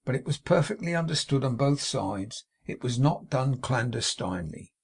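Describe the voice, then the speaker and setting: An audiobook narrator with a gravelly, husky, medium-pitched male voice reads a classic novel aloud, keeping a steady and measured pace.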